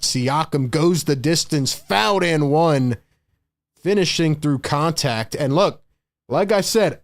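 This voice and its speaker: A young man hosting a live stream, giving excited fan play-by-play of a basketball game and hyping up his chat. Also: medium pitch, no echo. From Philadelphia area. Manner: excitable, hypes the chat, shouts at big plays.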